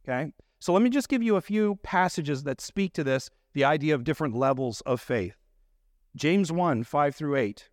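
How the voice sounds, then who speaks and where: A man's voice: a little high, lively intonation, normal speed, no room sound, studio quality. A man pastor preaching a sermon, explaining scripture in an earnest, teaching manner.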